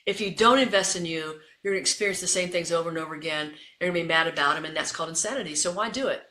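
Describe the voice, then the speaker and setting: Bright-voiced energetic woman coach. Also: on the low side, racing, echoey room. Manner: energetic, emphatic, repeats phrases for punch. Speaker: guest, leadership coach. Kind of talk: interview.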